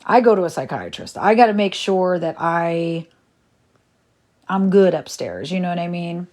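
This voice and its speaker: Chatty woman with lively pitch. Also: normal speed. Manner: chatty, rambling, exasperated. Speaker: livestream host. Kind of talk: casual livestream chat.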